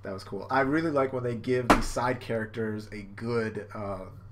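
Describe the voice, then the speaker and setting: A man giving casual, excitable live reaction commentary, swearing freely. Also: medium pitch, moderate pace, heavy background noise. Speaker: streamer reacting to a comic.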